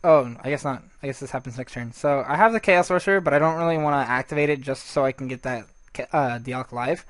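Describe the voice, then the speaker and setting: A man's voice: medium pitch, fast talker, a bit bright, dry recording. A man giving casual, rambling gameplay commentary, swearing freely and restarting his sentences often.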